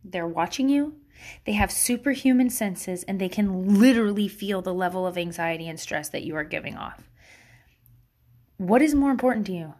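A woman's voice: medium pitch, lively intonation, normal speed, a little mellow. A woman talking as a mother giving parenting advice in a casual monologue, blunt, swearing freely, laughing and wandering off on tangents.

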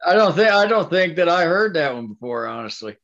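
A man's voice: on the high side, sing-song, a little fast, a bit bright. A man co-hosting a casual podcast, talking in a laid-back way with short, easygoing replies. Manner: laid-back, short replies, says "you know what I mean". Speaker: podcast co-host. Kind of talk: casual chat. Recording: dull lo-fi recording.

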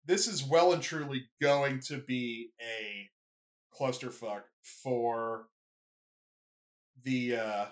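Talking unscripted at mid-range pitch, the young solo sports podcast host moves slowly with long pauses. His delivery rambles loosely with lots of fillers and restarts, often breaking into excited asides.

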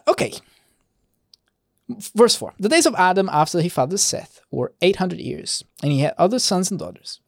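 A Bible teacher leads a casual Bible study, reading scripture aloud and adding light-hearted, conversational commentary, often restarting sentences. The medium-pitched voice has a darkish tone, recorded with clean studio sound and no echo.

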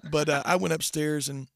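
A man's voice: medium pitch, vocal fry, fairly bright tone, no room sound. A middle-aged man, a pastor, telling his testimony earnestly in an interview, with frequent halts and restarts. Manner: earnest, halting with many restarts. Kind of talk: personal testimony in conversation.

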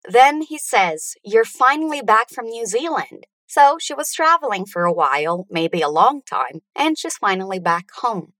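A woman leads an English lesson, sounding out phrases slowly and carefully so learners can repeat them. Her pitch moves a lot, rising and falling as she stresses each word. The sound is close and dry, with no room echo. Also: expressive, fairly bright tone. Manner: slow, deliberate, stretching out words for learners to repeat. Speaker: English pronunciation teacher.

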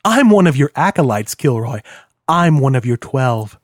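A man's voice: medium pitch, very animated, normal speed, no echo, clean studio sound. A man voicing a cocksure young male hacker villain with a mocking, sneering delivery. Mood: taunting.

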